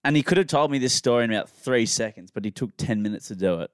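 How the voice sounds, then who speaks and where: Man, middle pitch, rambling casual chat, dry mic. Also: fast talker, smooth, no room sound. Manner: rambling storyteller, animated quotes. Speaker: podcast co-host.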